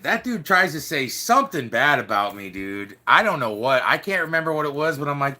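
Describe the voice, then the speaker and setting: A man's voice: on the high side, very animated, moderate pace, hardly any pauses, pushed and bright. A young man telling stories casually to camera in a loose, slangy, swearing way, acting out the quotes.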